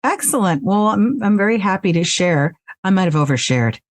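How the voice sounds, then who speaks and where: A woman's voice: mid-range voice, sing-song, moderate pace. A woman voice actress talking frankly and with animation as an interview guest, swearing freely, recorded in her home recording space. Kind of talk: casual interview chat.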